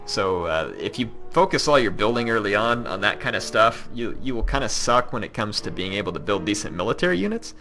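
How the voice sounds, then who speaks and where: Man, Southern US accent, bright tense tone, lower pitch, rambling let's-play talk, faint music behind. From Kentucky. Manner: rambling, chatty, lots of ums and likes. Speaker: gaming YouTuber. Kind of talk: casual let's-play commentary.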